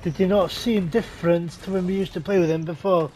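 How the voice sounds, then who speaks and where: A man's voice: high-pitched, fairly even intonation, brisk, dark tone, slight background noise. A man chatting bluntly and swearing often with friends while gaming. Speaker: gamer in party chat. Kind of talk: casual chat while gaming.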